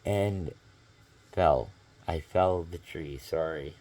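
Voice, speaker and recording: A man's voice: sits low, slow, mellow. A man telling a rambling story to camera in a casual vlog, full of fillers and swearing. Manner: rambling, filler-heavy, profane.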